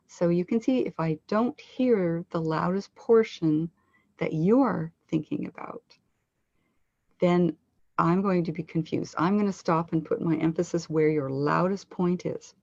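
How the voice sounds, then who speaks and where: A woman coach giving a scripted webinar lesson on pronunciation, slowing down to stress numbers for clarity. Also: fairly low pitch, vocal fry, warm tone, no echo. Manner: slow deliberate stress on numbers for teaching. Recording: dull lo-fi dry recording.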